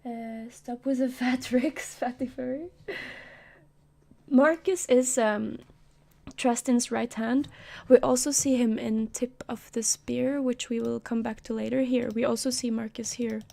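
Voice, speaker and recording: A woman streamer talking in a soft, rambling way, breaking into giggly asides while she explains a story to her chat. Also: on the high side, steady tone, a little slow, vocal fry. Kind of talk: casual live-stream commentary. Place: own room.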